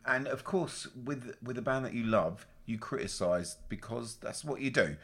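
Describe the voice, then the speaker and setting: A man co-hosting a casual podcast chat, sweary, teasing and animated. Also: mid-range voice, moderate pace. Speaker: podcast co-host.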